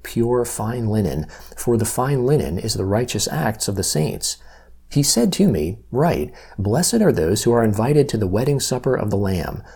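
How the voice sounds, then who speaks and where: A man reads scripture in a low, mellow voice with a husky edge. His delivery is measured and steady, and he slows down on key phrases. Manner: measured, even-paced reading with slow emphasis on key phrases. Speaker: Bible reader. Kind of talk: scripture reading.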